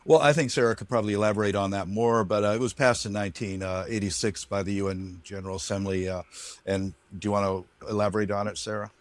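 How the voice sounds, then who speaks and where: An older man giving interview answers in a plain-spoken way, with frequent pauses and fillers. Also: fairly low pitch, fairly even intonation, dry recording. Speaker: guest, marine conservation activist.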